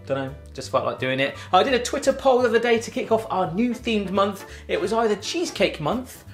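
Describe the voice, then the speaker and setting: A man's voice: sits high, expressive, fairly quick, soft background music. A British man hosting a home cooking tutorial in his kitchen, chatty and playful with jokey asides. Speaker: cooking show host.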